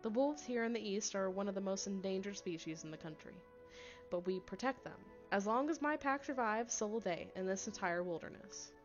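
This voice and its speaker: Bastion, a solemn werewolf pack leader with a quiet, protective devotion and measured, earnest delivery, read out by a woman streaming a game. The audio is a touch dull and lo-fi, with faint music underneath. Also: medium pitch, lively intonation, natural voice.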